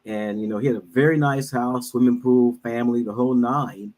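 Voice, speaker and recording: A man's voice: mid-range voice, fairly even intonation, a little mellow, poor audio. Earnest middle-aged man telling his story. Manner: earnest, measured, many "uh" pauses. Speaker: guest speaker, minister and financial advisor. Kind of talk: personal storytelling talk.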